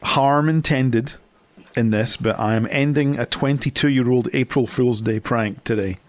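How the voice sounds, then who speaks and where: A man's voice: mid-range voice, a little slow, no room sound. A man, telling a story on the radio in a confessional way and laughing often. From Ohio, USA. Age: 40s. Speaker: radio host. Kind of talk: on-air radio chat. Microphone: studio microphone.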